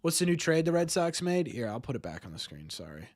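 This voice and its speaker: A man's voice: fairly high pitch, big pitch swings, fast talker, darkish tone. A man hosting a live-streamed sports talk show, rambling, repeating words and ending many lines with "right?". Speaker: podcast host.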